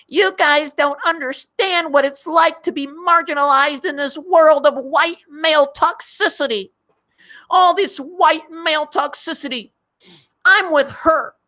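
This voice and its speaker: A man voicing a shrill, whiny, mock-outraged caricature ranter in a melodramatic, squeaky, helium-like voice. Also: sharp tone, exaggerated voice.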